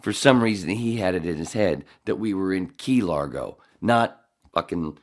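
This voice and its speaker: A man's voice: deep voice, lively intonation, moderate pace. A man telling a rambling, profane story in casual chat as a podcast co-host.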